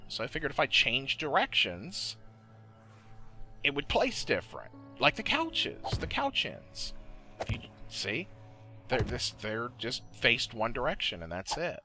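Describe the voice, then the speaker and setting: A man's voice: mid-range voice, wildly swooping pitch, unhurried, pushed and bright, faint music behind. A man recording casual voice-over commentary for a gameplay video, rambling and swearing, with many fillers and self-corrections. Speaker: gaming video creator. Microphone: desktop mic, voice-over recording.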